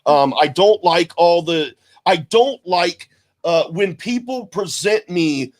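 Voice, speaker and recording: Blunt, halting man on a podcast. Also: high voice, animated. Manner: halting and blunt, with frequent restarts and mild swearing. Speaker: podcast co-host. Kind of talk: casual podcast chat.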